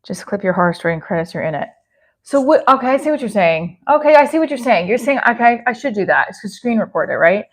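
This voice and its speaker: Speaking quickly in an expressive, somewhat high voice, this woman runs a casual livestream where she reads comments aloud and answers them on the spot. Her chatter wanders, she pokes fun at herself, and she often breaks off mid-sentence to respond to chat and start over.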